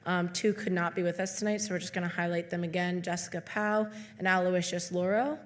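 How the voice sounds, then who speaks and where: A woman's voice: on the low side, steady tone, fairly quick. A woman presenting at a ceremony, casually and a bit hesitantly reading out names. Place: large hall with audience. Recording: echoey hall, loud crowd.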